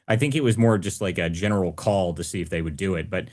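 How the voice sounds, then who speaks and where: Fast-talking male talk show host. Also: deep voice, a little mellow. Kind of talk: live audio space talk.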